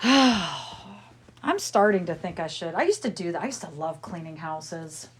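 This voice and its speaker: A woman's voice: fairly low pitch, lively intonation, unhurried, slight background noise. A woman in her forties chatting casually on a livestream while cleaning her house, a little out of breath and rambling from story to story. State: slightly out of breath. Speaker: livestream host. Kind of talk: casual chat. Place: home, walking around while cleaning. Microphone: phone, camera off.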